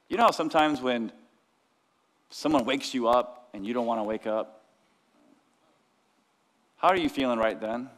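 A male pastor preaching a lively sermon, sometimes shouting out the lines of the people in his story. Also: medium pitch, moderate pace, pauses often. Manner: energetic preaching, acts out disciples' cries. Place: church sanctuary. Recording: long church hall reverb.

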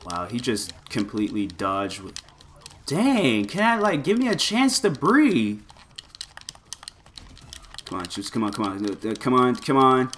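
A man giving loose, excitable commentary over his fighting-game play, full of exclamations and filler words. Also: fairly low pitch, measured pace, pauses often, slight background noise. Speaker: gameplay commentator. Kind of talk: casual gameplay commentary.

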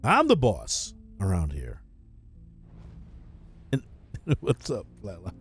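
A man chatting casually on a gaming live stream, excitable, swearing and calling everyone "dude". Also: low-pitched, slow pace, vocal fry, husky, soft background music.

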